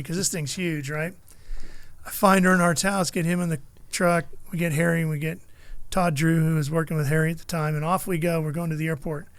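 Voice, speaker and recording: A middle-aged man from California who works as a motorsports broadcaster animatedly tells stories in casual conversation, performing the people he quotes. His voice is on the high side with vocal fry and no echo.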